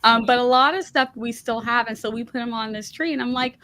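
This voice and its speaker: A woman's voice: sits high, fairly even intonation, fairly quick, few pauses, a bit bright. A middle-aged woman hosting a casual chat over a video call, chatty and laughing often. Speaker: host.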